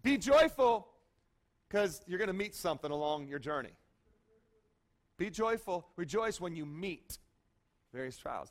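Guy pastor preaching, kinda high voice, chatty and animated, keeps saying okay?. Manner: lively, conversational, frequent "okay?" asides. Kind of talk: sermon.

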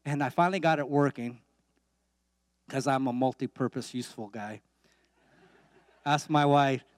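A man's voice: mid-range voice, moderate pace, dry recording, clean studio sound. A man preaching a sermon as pastor in a church, emphatic, with repeated calls and amens.

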